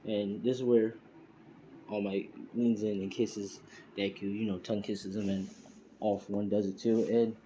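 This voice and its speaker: A man's voice: on the low side, flat delivery, moderate pace, warm tone, a little hiss or hum. A man casually telling an improvised fan story in a loose, rambling way, recorded on a phone. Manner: rambling, loose, full of filler. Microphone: phone mic, screen recording.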